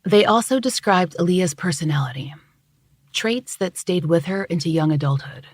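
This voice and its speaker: A woman host reading scripted true-crime narration in a measured, even way. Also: on the low side, no echo, clean studio sound. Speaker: podcast host.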